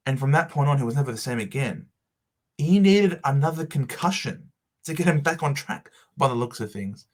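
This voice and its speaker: A man rants and gushes in a casual vlog, swinging into shouts and theatrical pauses. He speaks slowly, leaning on each word. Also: mid-range voice. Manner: over-the-top emotional, shouting and dramatic pauses. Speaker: fantasy football vlogger. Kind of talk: excited casual monologue.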